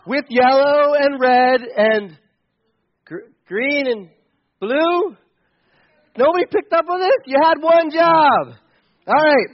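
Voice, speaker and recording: A man's voice: extremely high pitch, slow, long pauses, dry recording, muffled recording. A man giving sarcastic, exasperated comedic commentary on pictures, chuckling as he goes.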